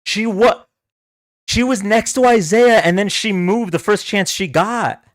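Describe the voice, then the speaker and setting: A man's voice: high-pitched, unhurried, dry recording, studio quality. A man giving casual, rambling reaction commentary on a live stream and talking to his chat. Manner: animated, rambling, talks to chat.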